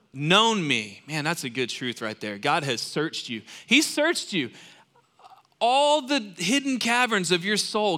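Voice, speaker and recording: A man delivers a sermon to a room of listeners in a bright, slightly high voice. He leans hard on the key words and then falls back to soft, low asides. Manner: emphatic, swings between loud stresses and soft asides. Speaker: preacher.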